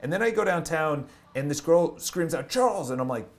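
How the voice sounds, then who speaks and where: On a livestream, a real estate agent who also vlogs delivers an energetic motivational talk, his voice a little high and his pace a little fast. He keeps punctuating points with "okay?".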